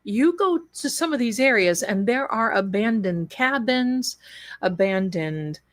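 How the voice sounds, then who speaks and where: A woman from Tennessee, telling a story in a lively, laughing way on a live stream. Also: mid-range voice, a little slow. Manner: animated, laughing, quotes others in put-on voices. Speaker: storyteller guest.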